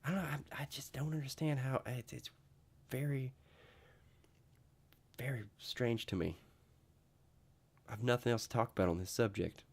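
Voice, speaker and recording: A man's voice: mid-range voice, steady tone, normal speed, pauses often, breathy edge. A young man hosting his own talk show, rambling casually with lots of fillers and restarts. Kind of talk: casual solo vlog monologue.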